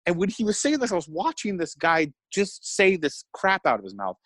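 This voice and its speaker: A man co-hosting a casual podcast, telling stories in a rambling, animated way with frequent laughs. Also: sits high, brisk, no echo. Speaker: podcast co-host. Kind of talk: casual chat.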